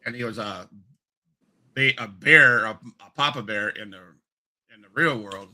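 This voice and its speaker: A man's voice: mid-range voice, moderate pace, pushed and bright, low-quality recording. A man hosting an interview, asking friendly questions and often restarting mid-sentence. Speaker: interview host.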